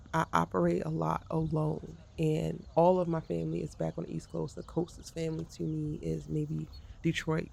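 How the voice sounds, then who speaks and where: Woman vlogger just venting to the camera, kinda flat delivery, lots of vocal fry. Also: deep voice. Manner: frank, venting about a hard day. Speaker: content creator. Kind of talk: candid vlog monologue.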